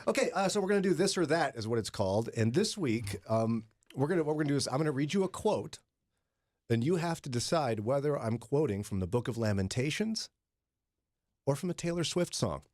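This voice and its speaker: A man's voice: medium pitch, big pitch swings, fairly quick, a little mellow, no echo. A man hosting a morning radio show in a studio, chatty and joking with his co-hosts. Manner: chatty, jokey, laughs often. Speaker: radio host.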